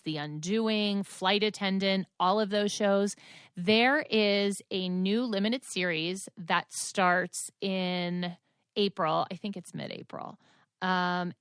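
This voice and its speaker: A woman hosting a podcast alone, chatting casually in a rambling way, often correcting herself and filling pauses with "like" and "um". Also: lowish voice, dry recording, clean studio sound. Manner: rambling, chatty, self-correcting with many fillers. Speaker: podcast host. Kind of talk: casual solo chat.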